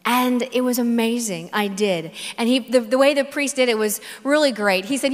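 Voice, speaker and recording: A woman speaks from a conference stage, her fairly high voice carrying a long hall reverb. She tells a personal faith story earnestly, repeats phrases for emphasis and acts out bits of dialogue. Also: moderate pace, hardly any pauses. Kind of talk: personal faith testimony talk.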